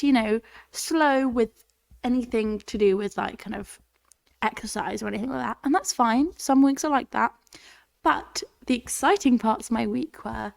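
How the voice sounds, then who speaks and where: A woman's voice: on the high side, gravelly. A young woman hosting a podcast in a chatty, rambling way, laughing often, her voice congested from a cold. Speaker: podcast host. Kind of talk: casual chat.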